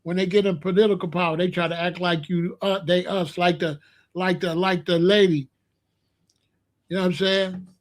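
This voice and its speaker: Speaking at normal speed, a commentary vlogger with a high-pitched voice rants casually on camera. He is animated, repeating points emphatically and breaking into loud outbursts.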